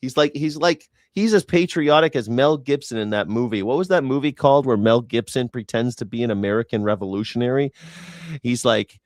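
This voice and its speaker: A man's voice: medium pitch, brisk, darkish tone, no echo. Rambling sarcastic man, dry close mic. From Los Angeles. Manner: rambling, sarcastic, jokey asides. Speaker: host of a news reaction stream. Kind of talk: casual livestream commentary.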